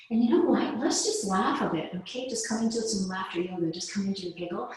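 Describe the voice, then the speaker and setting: Cueing each move in a live online yoga strength class, a female instructor keeps things playful with asides and laughter. Her medium-pitched voice is fairly quick, heard through distant, echoey video-call audio with a little hiss or hum.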